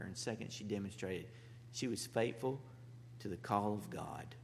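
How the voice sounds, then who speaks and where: A man's voice: mid-range voice, a bit bright. A man, a pastor, preaching a sermon with humorous, conversational storytelling. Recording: long hall reverb.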